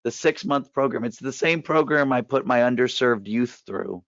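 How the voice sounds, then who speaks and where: A hoarse man with a raspy voice, presenting a trading course in a direct, persuasive webinar pitch. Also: normal speed, fairly bright tone, no room sound. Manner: direct, persuasive, walks through steps. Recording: dull, dry lo-fi webinar audio.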